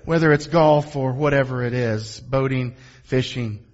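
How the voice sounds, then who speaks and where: A man preaching a sermon as pastor, animated and calling on the congregation to answer back. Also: mid-range voice, measured pace, lo-fi sound. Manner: animated preaching with call-and-response asks of the congregation.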